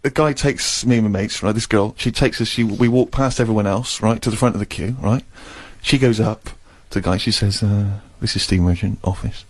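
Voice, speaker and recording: A man's voice: lowish voice, brisk. A man telling a self-deprecating story on a radio show. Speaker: radio co-host. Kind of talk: casual radio banter, anecdote.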